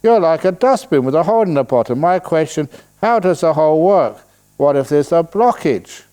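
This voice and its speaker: A man, a Buddhist monk, giving a relaxed dharma talk at a retreat, telling stories and answering questions with playful humor. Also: a little high. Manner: storytelling, playful, slows voice to demonstrate calm. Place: retreat hall.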